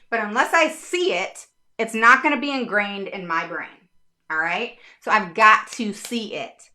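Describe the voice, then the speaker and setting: A middle-aged special education advocate with a voice on the high side explains reading instruction to parents. Her talk is casual and animated, and she often checks in with "all right?".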